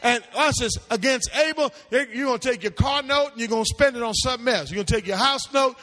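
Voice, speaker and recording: A pastor teaching a seminary class delivers preaching-style Bible lessons in a high, bright voice at a quick pace. He is animated, calling out to the audience as his sing-song rises turn into shouts. A long hall reverb surrounds the recording.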